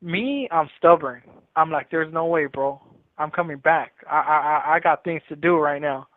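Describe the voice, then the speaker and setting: A man tells a story casually over a prison phone line. His voice sits a little high and comes through tinny and dry. He talks in loose slang and repeats words as he goes. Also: normal speed, dry recording. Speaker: incarcerated caller.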